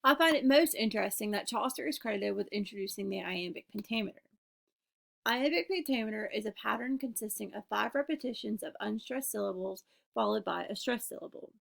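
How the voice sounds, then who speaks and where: A young woman giving a class presentation, reading her points in an earnest, measured way. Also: mid-range voice, lively intonation, creaky. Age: young adult. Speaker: student presenter. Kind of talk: class presentation, read from notes.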